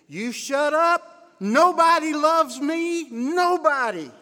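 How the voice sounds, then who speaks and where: A man acting out an angry, scared teenage boy who shouts defiance and mocks. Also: very high-pitched, animated, slow pace, in a large hall, pitched above the performer's own voice, heavily acted. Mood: furious. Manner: shouting, mocking.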